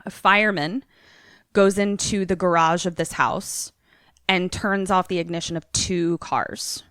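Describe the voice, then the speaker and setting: Bright animated woman retelling a film. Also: lowish voice, a little slow, clean tone, dry recording, clean studio sound. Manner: animated, profane, jumps into quoted voices. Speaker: podcast co-host. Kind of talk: casual chat, retelling a film plot.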